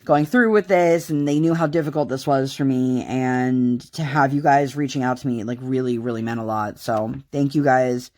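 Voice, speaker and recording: Casting: woman, 30s, low voice, chatty rambling vlogger, lots of "um" and "like". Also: steady tone, normal speed, hardly any pauses, darkish tone. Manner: rambling, many fillers. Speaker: craft vlogger. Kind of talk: casual chat.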